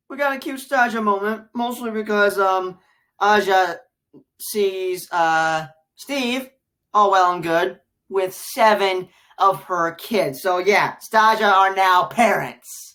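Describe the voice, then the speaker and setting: A woman giving a casual spoken film review who rambles and repeats herself, jumping from loud excited outbursts to low mutters. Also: slow pace.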